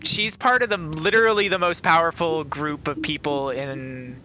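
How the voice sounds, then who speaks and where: A man's voice: fairly high pitch, normal speed, pushed and bright, a little hiss or hum. A man narrating as game master in a tabletop game, rambling with many fillers.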